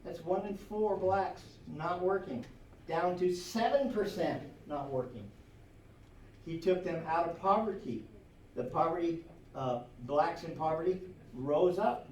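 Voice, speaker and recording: This history lecturer speaks unhurriedly in a fairly high, slightly mellow voice, recorded from across an echoey classroom with a bit of background noise. He keeps things lively with rhetorical questions and chuckling side remarks.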